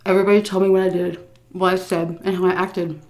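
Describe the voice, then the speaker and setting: A woman's voice: on the low side, level tone, fast, darkish tone. A woman vlogger telling a casual story-time tale, laughing often, blunt and profane, and embarrassed at herself. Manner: self-mocking, embarrassed confessional tone.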